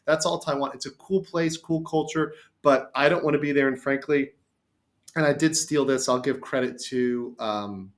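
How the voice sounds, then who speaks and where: A middle-aged American man, an attorney, talking as a guest on a podcast, emphatic and lively when telling stories. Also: mid-range voice, normal speed. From USA. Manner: animated, emphatic storyteller. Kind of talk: casual podcast interview.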